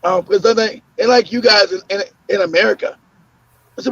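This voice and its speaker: A man's voice: sits high, brisk, husky, no echo. A man hosting a casual talk show, telling loose stories with many fillers, restarts and laughs. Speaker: podcast host. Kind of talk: casual conversational storytelling. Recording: muffled lo-fi audio.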